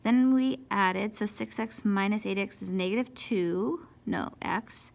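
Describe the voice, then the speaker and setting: A woman's voice: medium pitch, a little slow, creaky. A woman teaching a math lesson step by step, who scolds herself over mistakes, talks to the equations, and sighs and whispers when frustrated. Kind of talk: recorded math lesson walkthrough.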